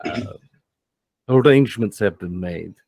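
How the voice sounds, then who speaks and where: A man's voice: lowish voice, lively intonation, slow, gravelly, darkish tone, husky, dry recording, full character voice. A man voicing a scheming male fixer with cybernetic hands, speaking formally and in a raised voice.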